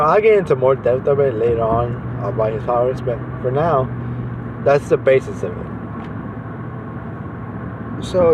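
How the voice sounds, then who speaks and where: A man rambles through a made-up story in a loose, chatty way, padding his talk with fillers and false starts. The sound is dull and lo-fi, and loud traffic and car noise run underneath. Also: mid-range voice. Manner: rambling, filler-heavy, restarts often. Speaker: fan fiction storyteller. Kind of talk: casual rambling narration. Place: inside a car, at a car wash.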